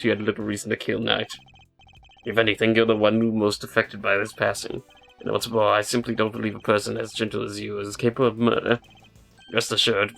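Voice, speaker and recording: A man voicing a cool, formal male prosecutor who speaks in a measured, quiet way. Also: fairly low pitch, vocal fry.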